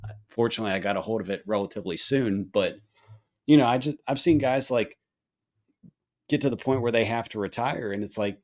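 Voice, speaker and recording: Low-voiced earnest firefighter host. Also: male voice, a little fast, darkish tone. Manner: earnest, rambling, with frequent restarts. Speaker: podcast host, firefighter training officer. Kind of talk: casual podcast conversation.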